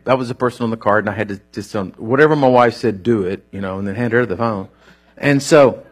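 A man preaching a sermon in a conversational, animated way, acting out little quoted exchanges as he teaches. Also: mid-range voice, husky.

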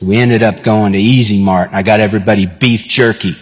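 A man, preaching a sermon and telling stories in an animated way. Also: lowish voice, a little fast, breathy edge. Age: 50s. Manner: animated storyteller, acts out dialogue. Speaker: pastor. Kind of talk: sermon with personal storytelling. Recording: long reverb of a large hall.

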